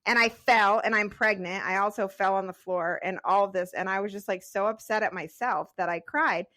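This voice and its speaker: A woman's voice: medium pitch, brisk, pushed and bright. A woman in her thirties co-hosting a podcast, chatting casually and peppering her talk with "like.". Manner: chatty, frequent "like" fillers. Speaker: podcast co-host. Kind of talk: casual chat.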